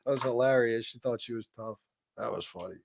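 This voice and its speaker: A man's voice: mid-range voice, brisk, vocal fry, a little mellow, a little hiss or hum. A man hosts a loose, casual livestream and tells a story about a past clash. He talks crudely, laughs often, and mocks the other person with relish. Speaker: livestream host.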